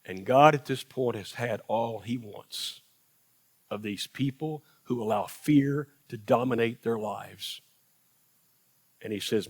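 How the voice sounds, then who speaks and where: A man's voice: medium pitch, takes it slowly. A man preaching a sermon in a church, repeating phrases for emphasis, asking the congregation rhetorical questions and acting out quotes. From United States. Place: church sanctuary.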